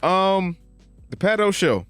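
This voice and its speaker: A man's voice: sits high, very animated, fairly bright tone, smooth, no room sound, faint music behind. A man hosting a podcast, chatting casually and reacting to his guest. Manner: loose, agreeable interviewer with quick backchannels. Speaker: podcast host. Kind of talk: casual chat.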